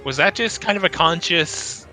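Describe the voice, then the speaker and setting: Bright, chatty male race commentator. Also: fairly high pitch, normal speed, soft background music. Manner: chatty, rambling, laughs often, many restarts. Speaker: race commentator interviewing the racers. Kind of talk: casual post-race interview.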